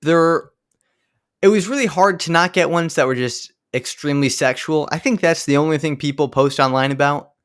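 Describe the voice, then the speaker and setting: A man's voice: on the high side, normal speed, a bit bright, clean tone. A young man co-hosting a podcast, talking in a laid-back, casual way with lots of "dude" and "like.". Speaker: podcast co-host. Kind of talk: casual chat.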